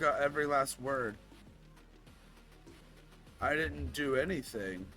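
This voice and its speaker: Slow-reading young man playing a story game. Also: medium pitch, animated, sharp tone, soft background music. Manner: shocked outbursts between slow narration. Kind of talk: dramatic game read-through.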